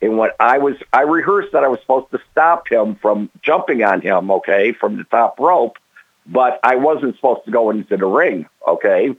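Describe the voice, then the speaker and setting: A man's voice: medium pitch, expressive, normal speed, breathy edge, dry recording. An older man, a guest on an interview show, talking casually in a rambling way and tagging on "okay?" and "like I said" as he goes. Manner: rambling, keeps adding "okay?" and "like I said". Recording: tinny dry phone line.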